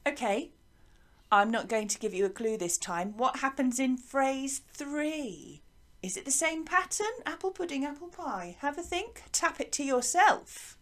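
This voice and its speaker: A woman with a fairly high voice teaches a music lesson to young children. She talks slowly and patiently. Her voice rises and falls a great deal as she asks questions. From England. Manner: slow, lively, sing-song questions to children. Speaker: primary school music teacher.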